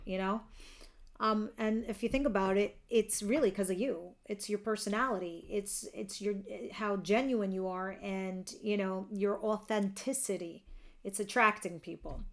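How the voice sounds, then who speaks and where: A woman's voice: mid-range voice, moderate pace. A woman giving a casual tarot reading, chatty and candid, who laughs easily and swears now and then. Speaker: tarot reader.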